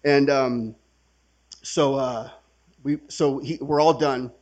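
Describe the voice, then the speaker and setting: A man's voice: mid-range voice, steady tone, slow pace, a little mellow, highs cut off. Casual storytelling man, swearing freely. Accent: Californian. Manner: conversational, swearing, acts out quotes with laughs. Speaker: workshop speaker sharing his recovery story. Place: workshop gathering room.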